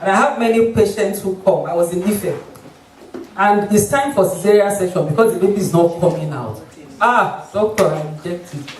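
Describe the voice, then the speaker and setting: A doctor, an obstetrician from Nigeria with a Nigerian accent, giving a lively community health talk and mimicking patients and doctors along the way. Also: medium pitch, fairly quick. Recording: roomy hall, voice from far off the mic.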